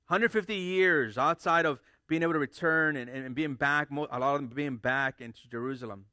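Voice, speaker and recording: A man's voice: on the high side, a little fast, pushed and bright, no room sound, studio quality. A man preaching a sermon as pastor, emphatic, repeating key phrases for stress and often restarting his words.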